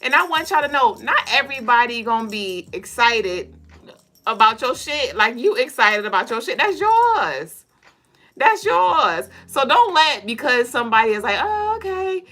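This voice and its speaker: A woman hosting a casual spiritual reading livestream, talking straight to viewers in a loose, profane, animated way. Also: a little high, moderate pace. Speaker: spiritual reader and co-host.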